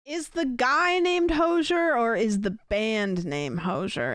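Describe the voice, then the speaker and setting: In a dry, studio-quality recording, a woman with a fairly high voice streams a game live and chats casually. She speaks unhurriedly with few pauses, rambling and curious, filling her talk with fillers and questions.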